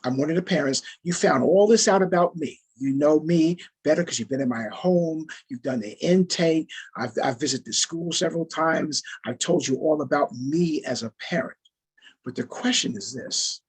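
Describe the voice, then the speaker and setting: Male facilitator, fairly high and very husky voice, chatty and repetitive, talking over a video call. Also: normal speed. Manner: conversational, repeats phrases for emphasis. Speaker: workshop facilitator. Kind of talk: interactive training talk.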